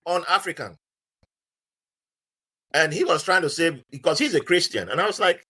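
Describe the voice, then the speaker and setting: A man's voice: on the high side, moderate pace, pauses often, slightly rough. A man from Nigeria with a Nigerian accent, a podcast guest telling a story and acting out the people in it. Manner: animated, acts out the voices of people in his stories. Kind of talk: storytelling in casual podcast chat.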